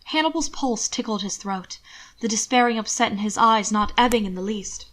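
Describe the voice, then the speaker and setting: A woman narrating fan fiction in a measured, expressive storytelling voice. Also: medium pitch. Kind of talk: reading fan fiction aloud.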